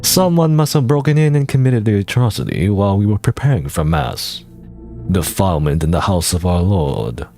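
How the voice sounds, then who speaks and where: A man voicing a stern, devout nun with an imitated Southern US accent, speaking slowly and gravely. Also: sits low, lively intonation, warm tone, faint music behind.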